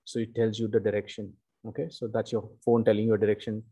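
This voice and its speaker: Male preacher, husky warm tone, deliberate emphatic sermon delivery. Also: fairly low pitch, little pitch movement. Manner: slow, emphatic teaching with repeated "okay" and "you know".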